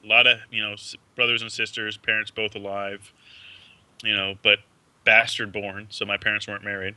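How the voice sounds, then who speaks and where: A man's voice: on the low side, little pitch movement, moderate pace, sharp tone, clean tone, dry recording, rough recording. A man playing a tabletop game, brief and offhand about his character. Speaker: player. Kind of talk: casual tabletop game chat.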